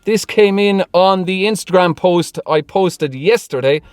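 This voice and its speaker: A man's voice: high voice, a little slow, clear, resonant tone, dry recording, studio quality. A man answering viewer questions in a casual vlog, chatty and laughing often between remarks. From Ireland. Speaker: car vlogger. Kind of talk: casual Q&A vlog, reading comments.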